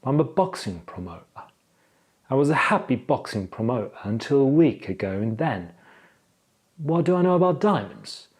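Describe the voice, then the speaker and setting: A man's voice: medium pitch, big pitch swings, normal speed, close to an everyday voice. A man voicing an exasperated male diamond dealer from a film scene, with an incredulous tone.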